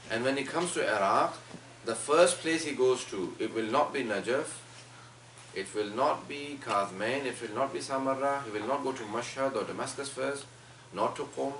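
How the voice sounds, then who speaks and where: A man giving an emotional sermon, telling a story with a voice that rises into loud lament. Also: medium pitch, slight background noise. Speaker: preacher. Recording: echoey hall from far off, faint ambience.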